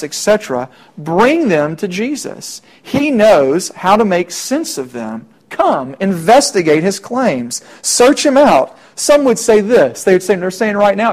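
A young man preaches to a room of students, leaning on rhetorical questions and plain talk. His voice sits a little high for a man. The tone stays conversational rather than formal. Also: sing-song, measured pace, a little mellow. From Middle Tennessee. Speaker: campus minister. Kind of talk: sermon.

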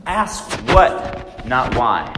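A man giving a training talk to real estate agents in a large room, lively, often acting out worried inner voices. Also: medium pitch, very slow, echoey room, in a large hall, over music.

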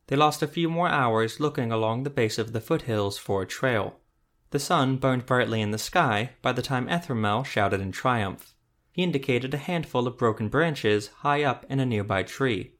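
A man reading a fantasy story aloud as narrator, in a steady, even manner. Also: mid-range voice, normal speed. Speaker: audiobook narrator. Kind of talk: scripted narration.

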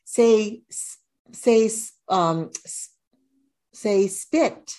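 A woman teaching reading skills, slowly sounding out words and syllables in a demonstration lesson. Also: medium pitch, darkish tone. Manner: slow, deliberate, sounding out syllables. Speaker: reading tutor. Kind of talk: instructional demonstration.

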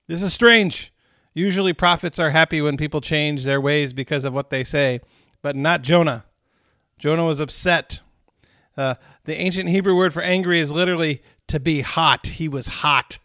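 A man's voice: fairly high pitch, moderate pace, pushed and bright, no room sound, studio quality. A man leading a recorded Bible study, teaching in an earnest, conversational way with frequent asides to his listeners.

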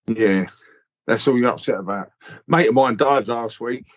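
Blunt deadpan man, podcast co-host. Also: mid-range voice, normal speed, dry recording, highs cut off. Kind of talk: casual chat.

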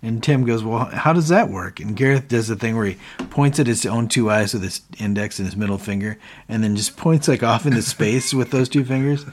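A man's voice: fairly low pitch, fairly quick, slight background noise. A man co-hosting a podcast, casually retelling scenes and quoting characters in lightly shifted voices. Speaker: podcast co-host.

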